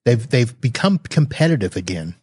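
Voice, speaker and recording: A man's voice: medium pitch, sing-song, normal speed, a little mellow, husky, dry recording, clean studio sound. A man hosting a casual interview, joking and laughing often with his guest. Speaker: show host.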